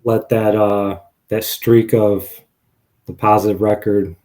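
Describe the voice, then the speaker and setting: A man's voice: on the low side, little pitch movement, slow pace, dark tone. A man co-hosting a sports betting podcast, confidently running through stats and his picks with wry asides. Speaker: podcast co-host. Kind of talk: casual sports betting chat.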